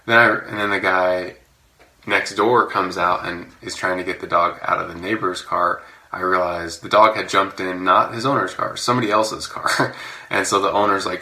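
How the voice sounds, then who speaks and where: A man, a father with a young daughter, preaching a sermon in a relaxed, conversational way and telling a story with everyday fillers. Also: sits low, creaky. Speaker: pastor. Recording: echoey room.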